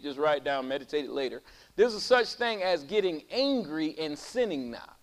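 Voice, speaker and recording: High-voiced preacher in a reverberant church. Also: male voice. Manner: call-and-response preaching, swings from loud high calls to low talk. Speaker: pastor. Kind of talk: sermon. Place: church sanctuary.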